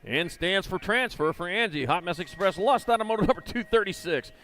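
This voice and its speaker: A man provides live commentary for BMX racing at an indoor arena, firing off riders' names and moto numbers with corny jokes between heats. His high voice is animated and fairly bright, with slight background noise.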